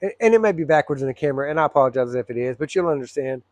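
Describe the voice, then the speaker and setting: A man, a truck driver, telling a story casually to camera, animated and profane, acting out both sides of an argument. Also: a little high, racing, no room sound.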